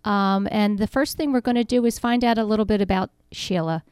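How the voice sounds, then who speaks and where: A woman's voice: medium pitch, fairly quick, smooth, dry recording, studio quality. A woman hosting a local radio talk show, chatty and full of ums. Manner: chatty, warm laughs, many ums. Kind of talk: radio interview. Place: radio studio.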